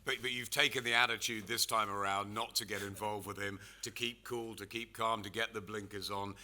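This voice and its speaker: A man's voice: on the low side, steady tone, fairly quick, bright, forceful tone. A man presenting a press conference who puts direct, probing questions to the fighters.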